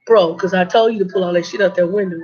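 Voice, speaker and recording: A woman's voice: lowish voice, quick pace, breathy edge. A woman truck driver telling stories in a casual vlog, blunt and sarcastic. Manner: sarcastic, blunt, animated storytelling. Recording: dull lo-fi recording.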